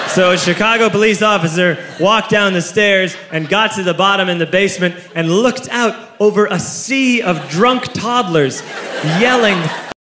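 A man in his thirties telling a stand-up story to a live audience, animated and shouting his punchlines. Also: high voice. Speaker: stand-up comedian. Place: comedy venue with a live audience. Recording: echoey room, crowd laughter, background noise.

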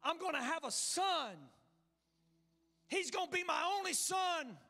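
A man's voice: very high-pitched, animated, measured pace, voice pushed up, full character voice. A man voicing God as a patient father explaining a plan, in an emphatic preaching delivery. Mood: proclaiming. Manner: emphatic preaching, rising to shouts. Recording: long hall reverb with music.

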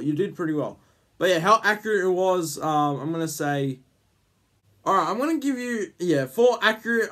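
A man's voice: a little high, a bit bright. A man hosting a casual vlog, rambling with lots of ums and jokey teasing. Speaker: YouTube host.

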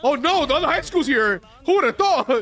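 High, bright-voiced excitable young man. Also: brisk, faint music behind. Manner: excitable, swears a lot, laughs often. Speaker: anime reaction host. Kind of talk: casual reaction commentary.

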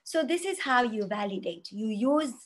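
A woman's voice: a little high, animated, normal speed. A woman teaching a parenting class, explaining step by step and acting out example phrases, often checking in with "right?" and "okay?". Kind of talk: spoken parenting lesson.

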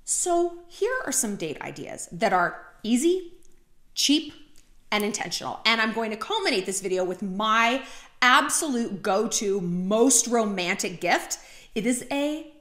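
A woman vlogger giving casual dating advice in a chatty monologue, full of "like" and quick asides. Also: on the high side. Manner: talkative, heavy use of "like", animated asides. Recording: roomy echo.

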